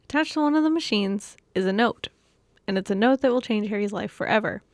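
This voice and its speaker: A woman's voice: mid-range voice, lively intonation, fairly quick, dry recording. A woman co-hosting a podcast, narrating a true story from notes and laughing often.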